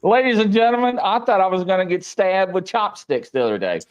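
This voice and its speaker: A man hosting a casual livestream, telling stories in a lively way and laughing often. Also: sits high, brisk, highs cut off. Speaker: livestream host. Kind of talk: casual livestream chat and storytelling.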